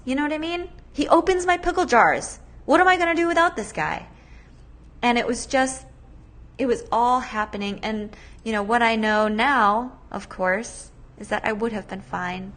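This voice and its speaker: This podcast host, a woman in her thirties with a high voice, shares a personal story in a lively, talkative manner sprinkled with fillers.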